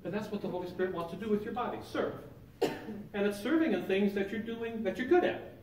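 Brisk and darkish in tone, this man's voice sits high as he teaches a relaxed Bible class in a church sanctuary, talking casually and testing students with questions. The recording is distant and echoey.

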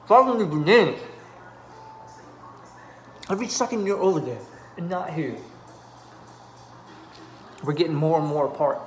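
A man's voice: on the high side, animated, normal speed, pauses often, mellow, reverberant, soft background music. A man sending a joking, melodramatic video message to a friend, pleading for him to come home. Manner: melodramatic, joking, trails into laughter. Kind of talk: mock-dramatic video message.

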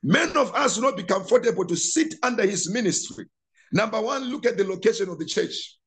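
A man with a rather high voice preaches a sermon as pastor. He delivers it with passion, stumbling and repeating words as he builds, and breaks into shouts at the height of his points. Church preaching style. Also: lively intonation, a little fast.

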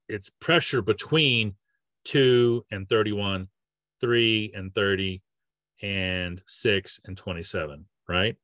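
Fairly low in pitch and a bit bright, a man's voice comes through dull audio with no echo. A dentist hosting a casual training webinar, he discusses patient cases conversationally, often restarting and filling pauses.

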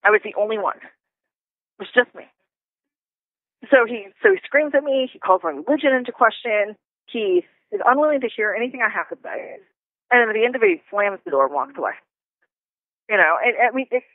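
A woman calling in from jail, telling her story in an indignant, animated way with quick asides. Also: a little high, dry recording. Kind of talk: casual call-in storytelling. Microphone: prison phone. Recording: tinny phone line.

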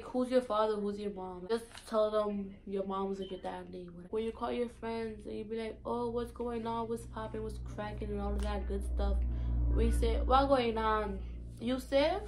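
A woman's voice: medium pitch, normal speed, a crowd in the background. A young woman from the US Virgin Islands with a Virgin Islands Creole English accent, chatting casually in a vlog and acting out local sayings. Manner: animated, acts out local sayings in a lively voice. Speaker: vlogger. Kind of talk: casual accent tag video.

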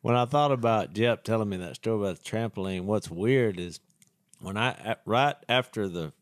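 Man, casual podcast chat, rambling, many restarts, lowish voice, dry sound. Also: normal speed, dry recording. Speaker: podcast co-host.

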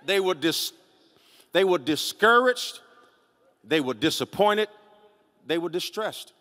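A man's voice: animated, takes it slowly. Preaching man in a reverberant church. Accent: Southern US. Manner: dramatic, swings from low and quiet to shouting. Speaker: pastor. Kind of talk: sermon. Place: large church sanctuary.

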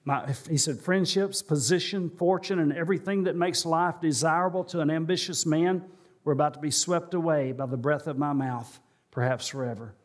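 A male pastor preaching a sermon in a church, telling a story and slowing and rising in pitch for emphasis. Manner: storytelling, slows and rises for emphasis. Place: church sanctuary.

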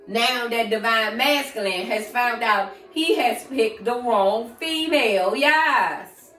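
A high-voiced woman reads tarot cards in a sassy, slangy, chatty way, talking to her viewer like a girlfriend. Her voice bounces around a roomy space, and she sits a little back from the mic. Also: a bit bright, far from the mic. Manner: sassy, slangy, talks straight to the viewer as "girl". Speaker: tarot reader. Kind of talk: casual tarot reading.

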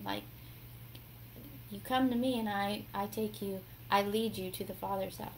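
A woman hosting a casual devotional talk, telling her story in an animated way and acting out the voices in it. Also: medium pitch, normal speed, vocal fry, a little hiss or hum, rough recording. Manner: animated storytelling, acts out quotes. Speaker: devotional host.

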